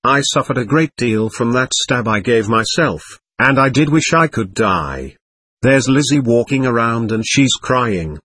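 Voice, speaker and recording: A man voicing the bitter, jealous ghost of a young man, speaking in a stubborn, accusing way with a husky voice. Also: mid-range voice, expressive, unhurried, fairly bright tone, dry recording. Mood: resentful.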